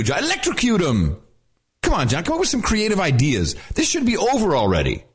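A man's voice: fairly high pitch, wildly swooping pitch, brisk, breathy edge. A man co-hosting a podcast, talking in a casual, exasperated, ranting way. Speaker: podcast co-host.

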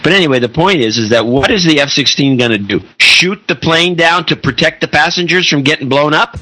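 A man's voice: on the high side, a little fast, bright, forceful tone, no room sound, low-quality recording. A man co-hosting a talk podcast, congested, asking incredulous questions in casual chat. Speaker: podcast co-host.

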